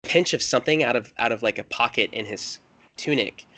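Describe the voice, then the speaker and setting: A man's voice: medium pitch, fairly quick, very noisy. A man narrating a tabletop game as game master, hesitant and full of fillers.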